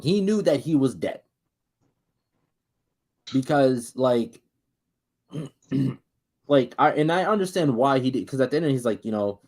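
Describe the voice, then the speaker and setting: A man co-hosting a podcast, chatting casually about movies, excitable, swearing a lot and acting out scenes. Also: medium pitch, takes it slowly, long pauses. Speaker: podcast co-host.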